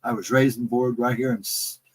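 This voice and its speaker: A husky middle-aged man with a Central Ohio accent chats loosely on a livestream. He rambles from story to story and reads out chat comments as he goes. His R and W sounds come out a bit soft, and his voice has a breathy rasp to it. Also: mid-range voice, level tone, brisk, low-quality recording. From Central Ohio, near Columbus. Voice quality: trouble with R and W sounds. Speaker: livestream co-host.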